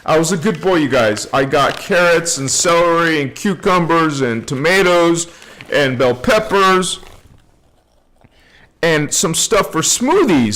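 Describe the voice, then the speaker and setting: A man hosting a casual spiritual livestream, greeting viewers by name in a playful way and laughing often. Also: a little high. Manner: relaxed and unhurried. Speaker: livestream host.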